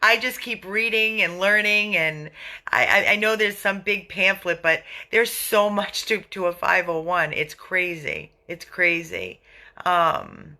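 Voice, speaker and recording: A woman who runs an animal rescue speaks on a live video, answering viewers' comments one after another. Her voice is bright and sharp. She sounds indignant and often circles back to repeat her points. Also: medium pitch, unhurried.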